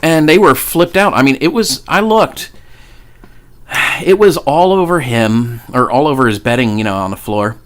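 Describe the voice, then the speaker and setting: A young paranormal vlogger with a medium-pitched voice tells a ghost story at a moderate pace. His telling is rambling and casual, peppered with swearing and stammering restarts.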